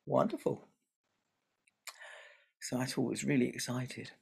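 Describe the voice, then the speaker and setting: A man's voice: mid-range voice, steady tone, a little slow, gravelly, a little mellow, slightly rough. A man telling a story to a family audience, chatty, with asides to the listeners.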